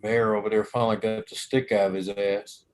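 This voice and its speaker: A man's voice: lowish voice, level tone, fairly quick, a little mellow, slight background noise. A man chatting casually on a live stream, rambling through stories and laughing often.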